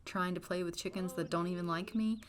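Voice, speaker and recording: A panicky young husband in a life-sim game, whining and dodging responsibility, as a woman voices him in her own voice. He sounds flustered rather than deep or gruff. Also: fairly even intonation, fairly quick, close to an everyday voice.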